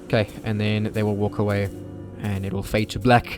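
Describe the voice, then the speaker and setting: A man's voice: fairly low pitch, little pitch movement, moderate pace, music in the background. A man giving easygoing gameplay commentary, stuttering at times and swearing casually. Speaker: game video host.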